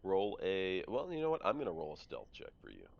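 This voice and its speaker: A man's voice: sits low, fairly quick, vocal fry, highs cut off. A man acting as game master for an online tabletop game, chatting casually and reading out room descriptions. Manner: relaxed, chatty, reads room descriptions aloud.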